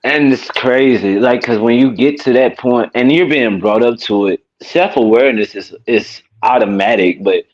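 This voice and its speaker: A man's voice: medium pitch, normal speed, few pauses, dull audio. A young man, co-hosting a stream in casual chat and telling stories with lots of profanity. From Memphis, Tennessee. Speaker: stream co-host.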